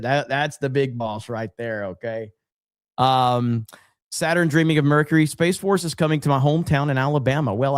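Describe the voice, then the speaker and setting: A man's voice: medium pitch, smooth, no echo, clean studio sound. A man hosting a livestream, casually reading viewer comments aloud in a loose, profane, rambling way full of fillers. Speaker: livestream host.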